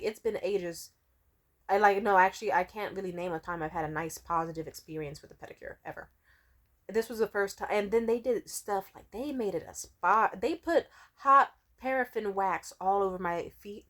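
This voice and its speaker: Rambling, foul-mouthed woman vlogger. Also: medium pitch. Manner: profane, rambling, many "like" fillers. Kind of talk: casual storytime rant.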